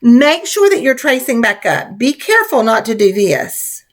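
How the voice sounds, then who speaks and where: A woman with a slightly high, very animated voice speaks at normal speed. As a teacher, she leads young children through a spelling lesson, coaching them patiently in a sing-song classroom style.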